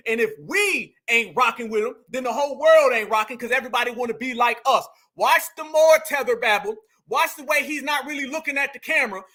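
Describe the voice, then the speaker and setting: A man's voice: extremely high pitch, brisk, hardly any pauses, pushed and bright. A man hosting a heated online reaction commentary, mocking as he talks to his chat.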